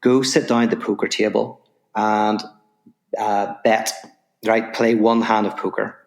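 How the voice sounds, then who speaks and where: A man's voice: on the low side, little pitch movement, unhurried, creaky. A man voicing God as a casual voice from heaven, giving blunt, offhand orders.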